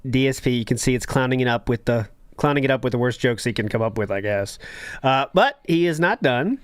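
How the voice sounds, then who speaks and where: A man's voice: medium pitch, animated, fairly quick, no echo. A man hosting a podcast, talking through stream clips in a casual, critical, analytical way. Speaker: podcast host.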